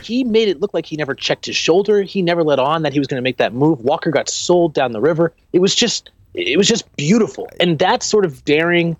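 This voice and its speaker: Excited man talking football, dry sound. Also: a little high, fairly quick, hardly any pauses, no room sound, lo-fi sound. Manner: animated, rambling with many restarts. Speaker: podcast co-host. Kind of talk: casual football chat.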